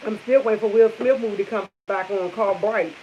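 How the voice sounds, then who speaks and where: Dark in tone, medium in pitch and brisk, this woman vlogger talks with her live audience over morning coffee. Her chat is casual and wandering, with repeated points, captured in dull lo-fi sound carrying a faint hiss.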